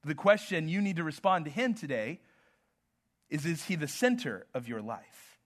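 A man preaching a sermon, telling family stories with humor and a slow, emphatic delivery. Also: fairly high pitch, big pitch swings. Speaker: pastor.

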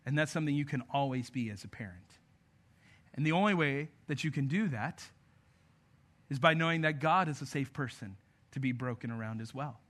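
A man preaching a sermon to parents, earnest, moving between emphatic lines and soft, intimate passages. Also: mid-range voice, lively intonation, brisk. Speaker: pastor.

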